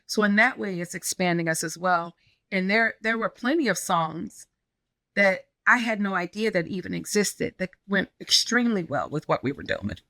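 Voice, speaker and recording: A woman pastor in an interview, telling stories in an animated way and acting out the dialogue she quotes. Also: mid-range voice, moderate pace, no room sound. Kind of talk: conversational interview storytelling.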